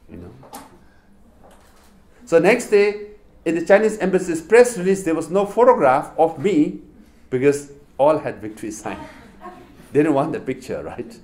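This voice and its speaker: Tibetan-accented man giving a lively talk. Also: fairly high pitch, normal speed, pauses often. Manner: animated storytelling with rhetorical questions. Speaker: public speaker. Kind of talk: public talk to a university audience.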